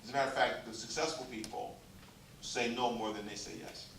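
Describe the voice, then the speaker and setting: A pastor preaching a humorous, exhorting sermon in a church sanctuary and drawing the congregation into call and response. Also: male voice, fairly low pitch, fairly even intonation, fairly quick, vocal fry, fairly bright tone, slight background noise. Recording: echoey church hall, mic far off.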